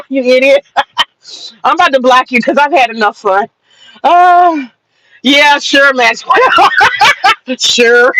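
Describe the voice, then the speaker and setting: High-voiced woman ranting on a live stream. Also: background noise. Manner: mocking, profane, bursts into long laughter. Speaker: livestreamer. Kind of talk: live-stream rant to viewers. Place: parked car in a parking lot.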